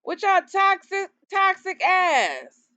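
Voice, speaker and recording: A woman's voice: very high-pitched, wildly swooping pitch, slow, sharp tone, dull audio. A woman giving sassy, incredulous reaction commentary in an exclamatory way.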